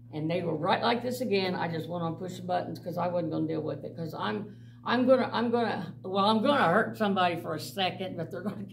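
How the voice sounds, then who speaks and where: A middle-aged woman with a gravelly, creaky voice tells blunt, animated stories to a church group and laughs often. She was recorded on a mic set some way off, with faint noise underneath. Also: lowish voice, far from the mic, rough recording. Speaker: mission director. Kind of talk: personal testimony to a church group.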